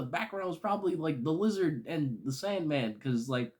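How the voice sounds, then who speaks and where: A man casually reviewing a film, excitable and gushing, with slangy, enthusiastic speech. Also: a little high, normal speed.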